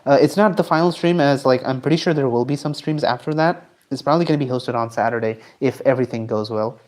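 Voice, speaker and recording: Male streamer, laid-back rambling chat, mid-pitched voice. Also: quick pace. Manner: relaxed, rambling, answers chat while drawing. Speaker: streamer and artist. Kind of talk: casual livestream chat.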